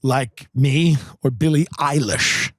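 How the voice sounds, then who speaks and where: A man from Long Island hosting a podcast, delivering a comedic monologue with sardonic, deadpan exaggeration into a close studio microphone. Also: mid-range voice, takes it slowly, dry recording. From Long Island, New York. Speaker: podcast host.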